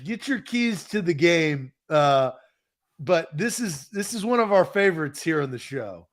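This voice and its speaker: A man's voice: high voice, a bit bright. A man hosting a sports podcast, playful and teasing as he sets up a challenge. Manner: playful, teasing, laughs often. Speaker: podcast host. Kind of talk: casual chat.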